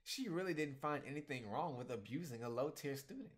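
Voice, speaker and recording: A man giving casual reaction commentary on a webcomic chapter, talking in an animated, slangy way and laughing often. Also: a little high, brisk.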